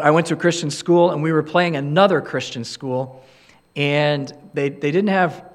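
A middle-aged man preaching a sermon in an earnest, conversational way, telling a story and acting out the quoted lines. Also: fairly high pitch.

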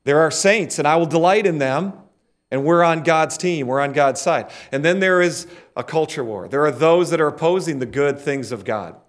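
Middle-aged guy preaching a sermon, bit of a higher voice, gets the crowd to answer back. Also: moderate pace. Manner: leads the congregation in call-and-response. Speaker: pastor.

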